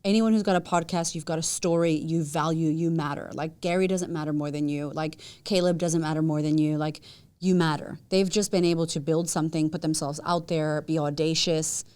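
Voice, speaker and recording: A woman with a lowish voice speaks as a podcast guest. She talks casually and tells stories with animated energy, acting out the lines she quotes. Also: a little fast, clear, resonant tone. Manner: animated storyteller who acts out quotes. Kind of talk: casual interview chat.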